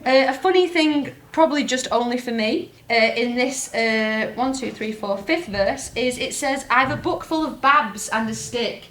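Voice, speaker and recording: A woman's voice: on the high side, measured pace, hardly any pauses, fairly bright tone, a little hiss or hum. A young woman with a Lancashire accent giving a talk at a folk festival, with a wry, self-mocking humour and laughing asides. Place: festival talk venue, indoors. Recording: echoey room from a live talk.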